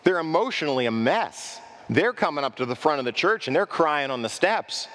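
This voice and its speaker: A man preaching a sermon as pastor, asking his congregation questions and slipping into quick impressions of worshippers. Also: fairly high pitch, sing-song, a bit bright, long reverb tail. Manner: acts out worshippers' voices in quick asides.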